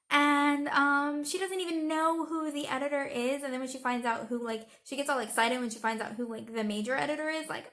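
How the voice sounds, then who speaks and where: A woman's voice: high voice, steady tone, brisk, few pauses, fairly bright tone. A young woman giving a sarcastic, ranting reaction commentary as a vlogger.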